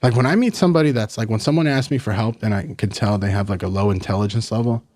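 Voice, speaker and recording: A man in his thirties from New York, a podcast guest telling his story in a blunt, profane, animated way, full of "like" and "bro". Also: fairly low pitch, fast, no echo, clean studio sound. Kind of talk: casual storytelling.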